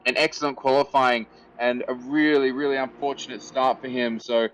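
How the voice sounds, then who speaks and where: Male lead commentator, esports sim racing, energetic play-by-play, middle pitch, faint noise underneath. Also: normal speed, low-quality recording. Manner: energetic play-by-play, rising excitement with fillers.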